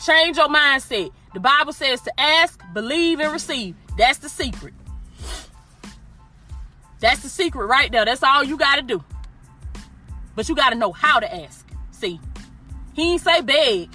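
Unhurried and pausing often, a woman delivers an emphatic, informal motivational sermon in a high, expressive, bright voice with a forceful tone. She repeats phrases and talks right to her listeners, using "y'all" and "baby," while faint music plays behind her.

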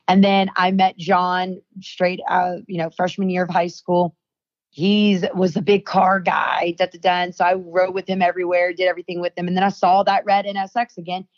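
A young adult woman, a podcast guest, telling a story in casual chat and acting out the quoted dialogue. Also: lowish voice. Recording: dull, lo-fi dry sound.

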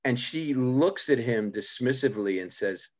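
A man hosting a podcast, chatting casually and telling rambling stories with quick asides. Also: mid-range voice, animated. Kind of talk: casual chat.

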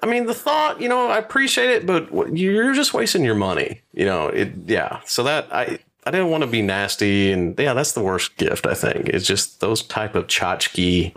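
A man's voice: medium pitch, animated, moderate pace, hardly any pauses, fairly bright tone. A man co-hosting a podcast in casual chat, hesitant and musing. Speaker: podcast co-host.

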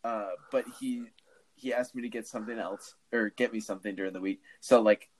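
Young male podcast co-host, lower voice, tells stories animatedly. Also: brisk. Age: 20s. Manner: animated storyteller who acts out the people he quotes. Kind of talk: casual podcast chat.

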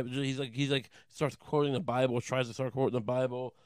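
A man doing a rambling comic monologue, deadpan and crude, halting with many fillers. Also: mid-range voice, smooth, dry recording, clean studio sound. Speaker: comedian.

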